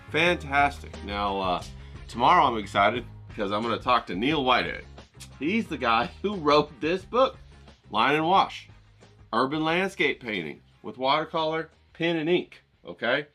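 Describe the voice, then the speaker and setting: A man's voice: medium pitch, sharp tone. A man hosting an art vlog, chatting casually to his viewers in an upbeat, rambling, slangy way. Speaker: art vlogger.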